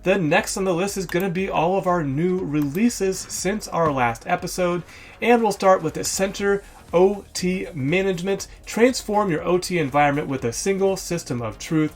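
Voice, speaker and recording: A man's voice: sits high, normal speed. A man hosting a casual screen-share walkthrough, chatty and thinking aloud, correcting himself often with ums. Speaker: host of a software store review show.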